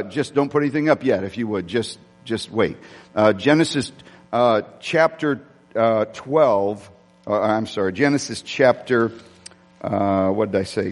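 A male pastor preaching a sermon, telling a personal story with many restarts and speaking directly to his congregation. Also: mid-range voice. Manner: rambling, frequent restarts, addresses congregation directly. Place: church sanctuary. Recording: long hall reverb.

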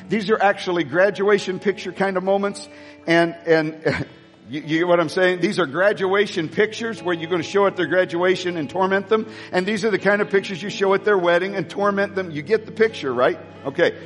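A man preaching a sermon as pastor, rousing the congregation to shout and praise. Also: high voice. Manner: rousing, calls the crowd to shout. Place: church sanctuary. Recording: long hall reverb with soft music.

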